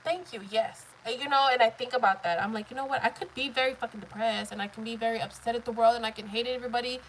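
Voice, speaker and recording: A woman's voice: a little high, steady tone, fast talker, a little hiss or hum, poor audio. A woman in her thirties chatting casually on a live stream, blunt, profane and emphatic as she tells her story.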